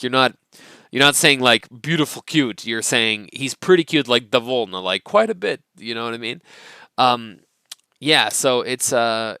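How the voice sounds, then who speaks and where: Young American male teacher, casual and filler-heavy, crisp smooth tone. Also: mid-range voice, no echo. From North America. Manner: relaxed, chatty, many fillers like um and right. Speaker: English teacher. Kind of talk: casual video lesson.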